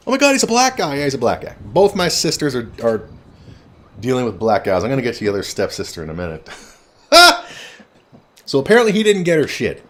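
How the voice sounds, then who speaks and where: A man telling a rambling personal story in a blunt, casual way with frequent swearing, while streaming a game. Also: mid-range voice. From Canada.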